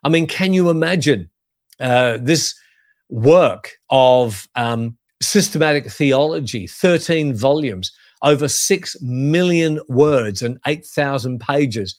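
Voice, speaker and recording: A man preaching as a pastor, earnest and measured, leaning on key phrases for emphasis. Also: medium pitch, expressive, no echo, studio quality. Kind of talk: sermon-style teaching.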